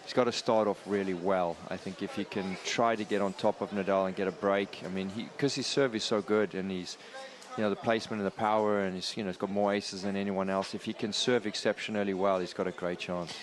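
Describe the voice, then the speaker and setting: A man who is a former player giving relaxed tennis analysis in a studio chat. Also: fairly low pitch, brisk, few pauses. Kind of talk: studio sports punditry.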